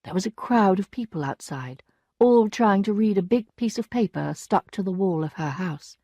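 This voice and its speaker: A woman reading a classic novel aloud for language learners, clear and measured. Her voice moves expressively up and down, and it is close and dry with no room sound. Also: mid-range voice, expressive, warm tone, no room sound. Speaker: narrator. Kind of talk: scripted storybook narration for learners.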